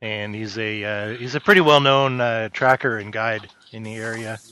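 A man's voice: lowish voice, fairly even intonation, pushed and bright. A man narrating as game master, hesitant and full of fillers as he describes the scene. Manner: halting, full of fillers and restarts.

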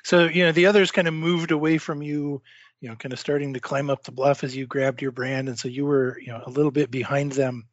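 A man acts as game master for a tabletop horror game, narrating scenes calmly and at length. His voice comes over a dull, lo-fi online call, and the sound is dry and close. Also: mid-range voice, no echo. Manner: calm, drawn-out descriptive narration.

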